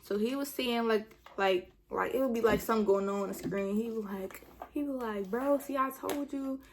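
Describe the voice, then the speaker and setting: A woman vlogger telling a story in a casual, slangy way, with lots of fillers and animated retelling. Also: medium pitch, fairly quick, slight background noise.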